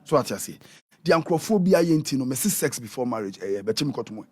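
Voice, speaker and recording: A Ghanaian man, a prophet who guests on a radio talk show, preaching in a lively way and switching between Twi and English. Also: mid-range voice, quick pace, breathy edge, dry recording. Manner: animated, mixes Twi and English, acts out quotes.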